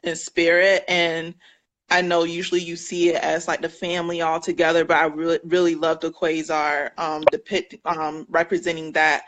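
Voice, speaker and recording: Guest: bright-toned, thoughtful, soft-spoken, calling in by phone. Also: mid-range voice, completely flat delivery, normal speed. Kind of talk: casual chat.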